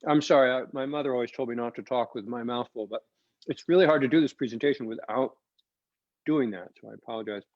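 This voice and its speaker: A man's voice: medium pitch, fast talker, no echo, muffled recording. Chatty man leading a wine tasting. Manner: enthusiastic, chatty, explains as he tastes. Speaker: winery co-founder presenting a tasting. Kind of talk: live online wine tasting presentation. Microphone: video call.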